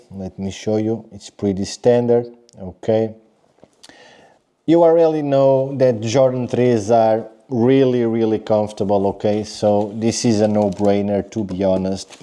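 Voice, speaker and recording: A young man casually reviewing sneakers, talking straight to his viewers and tagging his points with a quick "okay?". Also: medium pitch, dark tone. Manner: chatty, direct address with frequent "okay?" and restarts.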